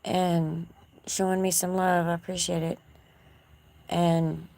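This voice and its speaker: A woman's voice: on the low side, level tone, takes it slowly, gravelly, a little mellow. A woman with a Texan accent hosting a casual live stream from her porch, folksy and chatty with her viewers. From Texas. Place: outdoor porch at dusk.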